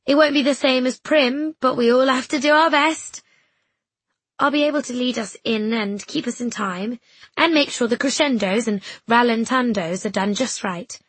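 A woman voicing a kindly, fussy middle-aged village choirwoman who speaks gently but turns decisive, in an audiobook. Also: a little high, normal speed, slightly rough, no room sound. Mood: resolute. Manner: gentle, hesitant, then decisive. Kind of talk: audiobook character voice.

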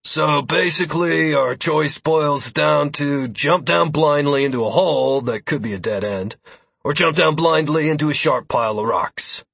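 A man's voice: fairly high pitch, moderate pace, gravelly, fairly bright tone, husky, dry recording, pitched above the performer's own voice, heavily acted. A man doing Trey, a wry sardonic adventurer. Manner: wry, summarizing.

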